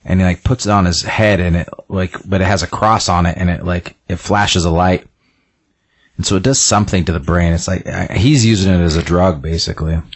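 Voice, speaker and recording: A young adult man hosting a podcast, recapping a comic in a casual, halting way with many fillers and repeated words. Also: sits low, fairly even intonation, no echo.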